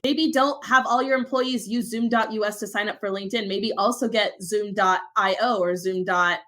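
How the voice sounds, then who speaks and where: A young woman co-hosting a podcast, talking in an animated, emphatic way as she rants about security advice. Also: medium pitch, moderate pace. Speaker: podcast co-host. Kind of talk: casual podcast chat.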